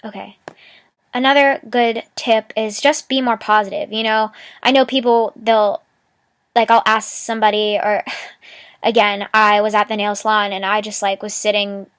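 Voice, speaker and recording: A woman's voice: mid-range voice, little pitch movement, moderate pace, a bit bright, smooth, no echo. A young woman vlogging casually with a rambling, giggly manner, full of fillers as she gives upbeat life advice. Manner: rambling, giggly, lots of "like" and "you know". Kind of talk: casual motivational vlog.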